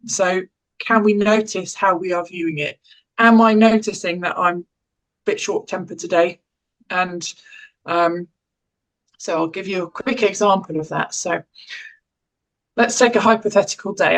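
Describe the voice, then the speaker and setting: A woman's voice: mid-range voice, rough recording. An English woman in her forties speaks in an easy, conversational way, giving practical well-being advice. She restarts phrases often and slips in small laughs. Her voice sits in a middle range. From England. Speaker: educational psychologist and parent caregiver. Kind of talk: informal talk on well-being.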